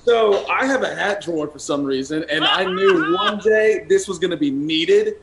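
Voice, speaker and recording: A man's voice: high voice, normal speed, heavy background noise. A man telling jokey stories as a podcast co-host in casual banter. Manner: jokey, storytelling.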